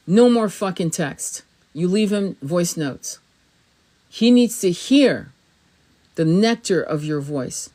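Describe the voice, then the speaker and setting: A woman's voice: medium pitch, warm tone. Blunt, profane woman tarot reader. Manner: blunt and profane, emphatic, laughs often. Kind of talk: casual spoken reading to camera.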